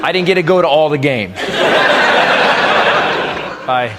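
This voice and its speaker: A man doing a stand-up comedy set, ranting and shouting his punchlines on a club stage. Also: a little high, lively intonation, measured pace, heavy background noise. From United States. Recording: live club recording, loud crowd laughter. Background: audience laughing.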